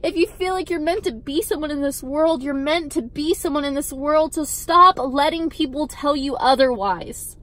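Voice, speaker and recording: A woman's voice: high-pitched, normal speed, hardly any pauses, a bit bright. A young woman vlogger giving a blunt, emphatic motivational pep talk to camera, swearing freely and repeating her points.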